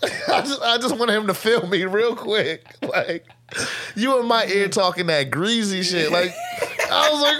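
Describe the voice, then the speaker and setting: A man telling a story in a casual podcast chat, animated and slangy with frequent laughter, close to the mic. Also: high voice, unhurried, shouting. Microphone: close studio mic.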